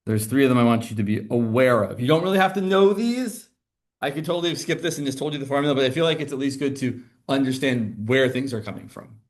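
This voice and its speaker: A male math teacher lecturing a class in a relaxed, conversational way, explaining step by step as he writes on the board. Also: medium pitch, quick pace.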